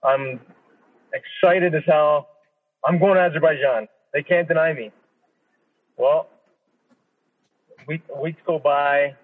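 A man's voice: a little high, slow, long pauses. A man from Canada, a professional boxer, telling his story in a casual interview, swearing often and acting out his own thoughts. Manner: profane, animated storytelling with quoted inner speech. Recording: tinny phone-line audio with long reverb.

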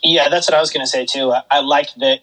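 A man's voice: mid-range voice, steady tone, fast, pushed and bright, rough recording. Rambling man musing over a comic. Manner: thoughtful, rambling, filler-heavy. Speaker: podcast co-host. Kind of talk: casual comic book discussion.

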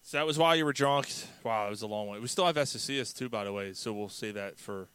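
A man's voice: lowish voice, fast, fairly bright tone, clear, resonant tone, no room sound. A man hosting a casual podcast, joking around and steering the segments. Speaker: podcast host. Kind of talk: casual chat.

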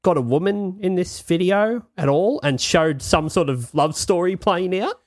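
Aussie guy rambling on a podcast, kinda high voice, dry close mic. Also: measured pace, no room sound. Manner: rambling, many fillers and restarts. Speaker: podcast co-host. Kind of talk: casual banter.

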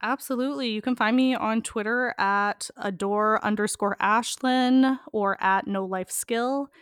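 A woman's voice: a little high, fairly even intonation, measured pace, a bit bright, clear, resonant tone, no echo, studio quality. A young woman telling a frank story as a podcast guest, laughing often and saying "like" a lot. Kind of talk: casual storytelling.

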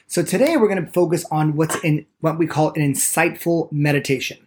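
On a meditation podcast, a male teacher speaks with eager energy, speeding up whenever he gets excited. He plays out people's excuses in a lively, animated pitch.

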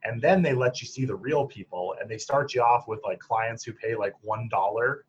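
A man's voice: mid-range voice, normal speed, a little hiss or hum. A man, a psychologist telling stories in a casual interview, chatty and full of fillers. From Upper Peninsula of Michigan. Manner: chatty, lots of fillers, laughs at own stories. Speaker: psychologist guest. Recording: dull lo-fi sound.

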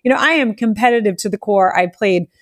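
A woman in her forties hosts a podcast, chatty and eager, laughing often as she talks. Her voice sits at an ordinary pitch for a woman. The sound is dry and close, with no room around it. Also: brisk, no room sound. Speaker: podcast host. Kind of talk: casual interview chat.

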